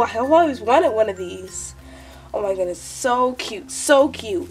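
A female vlogger, gushing and excitable, who is sick and sounds a little off while unboxing a package. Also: on the high side, measured pace, soft background music. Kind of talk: unboxing vlog.

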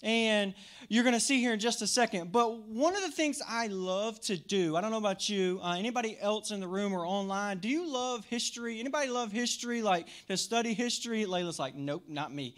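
A man's voice: high-pitched, brisk, fairly bright tone. A man preaching a sermon in a church as pastor, with a slight country twang, upbeat and chatty, talking to the room and to viewers online. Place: church sanctuary.

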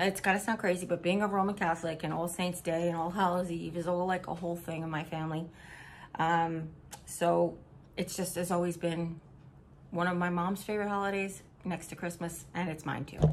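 A woman's voice: fairly low pitch, a little hiss or hum. A middle-aged woman from Missouri chatting casually in a haul vlog, upbeat and giggly, with rambling asides. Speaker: vlogger.

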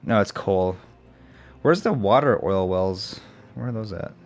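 A man's voice: lowish voice, expressive, a little slow, slight background noise. A young man giving casual let's play commentary, thinking aloud and swearing as he plays. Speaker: gamer. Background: faint game music.

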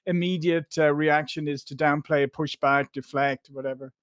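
A man's voice: fairly high pitch, fairly even intonation, normal speed, a bit bright, no echo, clean studio sound. A man from Ireland, hosting an interview podcast in a rambling, conversational way. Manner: rambling, with many fillers and restarts. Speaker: podcast host.

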